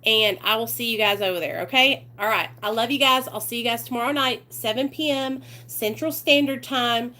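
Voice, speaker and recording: A woman with a somewhat high voice chats directly to her viewers. Her talk is warm in its wording, loose and full of fillers like "you know" and "like". She keeps coming back to "you guys" and "y'all". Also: moderate pace, few pauses. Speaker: recovery channel host.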